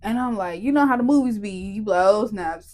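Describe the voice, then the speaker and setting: A woman's voice: medium pitch, brisk. A woman giving a personal testimony on a podcast, telling it vividly, acting out the voices of others and laughing through painful memories. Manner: animated, emotional storytelling that acts out quoted voices. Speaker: guest telling her testimony.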